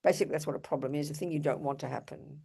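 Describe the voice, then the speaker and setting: A woman's voice: deep voice, fairly even intonation, very fast, creaky, mellow, slightly rough. An older woman giving an earnest, emphatic Buddhist dharma talk, with rhetorical asides to her audience. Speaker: Buddhist teacher.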